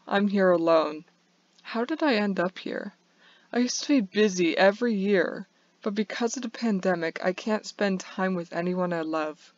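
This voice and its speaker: A woman's voice: on the low side, no room sound. A woman reads a first-person short story aloud for bedtime listening. She stumbles and restarts now and then. The sound is dry and a little dull, with no room around it.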